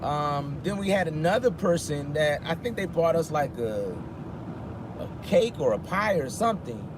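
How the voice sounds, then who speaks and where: A man's voice: a little high, animated, normal speed. A man in his fifties chatting loosely on a live stream from his car, reading viewer comments as he drives. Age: 50s. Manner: talks loosely, reads viewer comments aloud. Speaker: rideshare driver livestreaming. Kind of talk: casual live-stream chat. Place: inside a car with the window down. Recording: loud street traffic noise.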